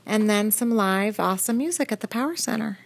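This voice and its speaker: A woman's voice: mid-range voice, lively intonation, fairly quick, gravelly. A woman on her first podcast recording, sharing her week with a playful, teasing tone. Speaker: first-time podcast guest. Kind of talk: casual chat.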